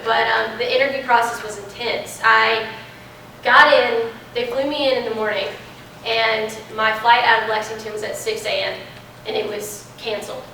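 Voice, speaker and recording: A young woman in her twenties talks to a class as a guest speaker, telling stories in an animated, chatty way. Her voice is bright and sits a touch high. The sound comes from across a large, very echoey room, with faint noise underneath. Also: moderate pace, distant mic. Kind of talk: classroom Q&A talk.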